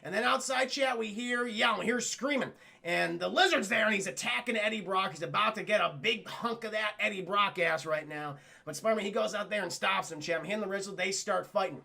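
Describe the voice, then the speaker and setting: A male streamer retells a cartoon episode in a loose, profane ramble, calling out to his chat. His voice sits high and bright, with a gravelly rasp running through it. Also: fairly quick. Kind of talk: livestream episode recap.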